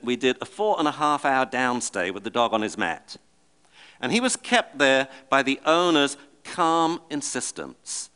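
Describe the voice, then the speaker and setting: A middle-aged man giving a talk to an audience, telling lively stories and acting out the voices in them. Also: mid-range voice, clear, resonant tone. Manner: animated, acts out the voices of the people and dogs in his stories. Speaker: speaker giving a public talk.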